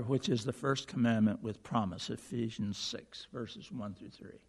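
A man's voice: medium pitch, measured pace, creaky, slightly rough. Man preaching in an echoing auditorium. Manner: animated poem recital then earnest preaching. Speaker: pastor. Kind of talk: sermon. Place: church auditorium. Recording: long reverb of a large hall.

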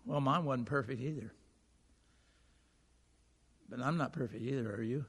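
A male pastor giving a sermon, moving from a lively recited poem into earnest preaching in a church auditorium. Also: mid-range voice, moderate pace, pauses often, breathy edge. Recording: long reverb of a large hall.

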